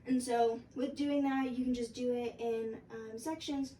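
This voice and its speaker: A young woman walks through a flute part in a relaxed, halting lesson, pausing on fillers as she explains. Her voice is mellow and slightly high. The mic sits some way off, with a faint hiss behind her. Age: young adult. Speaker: flute teacher. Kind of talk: instructional music lesson. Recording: distant mic with faint background noise.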